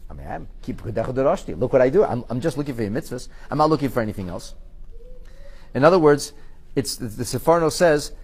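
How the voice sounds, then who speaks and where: A man's voice: mid-range voice, expressive, fast, a little mellow, slightly rough. A man giving a live-streamed Torah class, expressively quoting and translating Hebrew verses. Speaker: Torah teacher.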